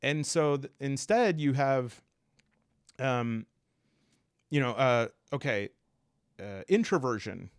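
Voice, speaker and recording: A man hosting a casual podcast, explaining ideas in an animated, digressive way with jokey asides. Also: mid-range voice, slow, long pauses, clear, resonant tone, dry recording, studio quality. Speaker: podcast host.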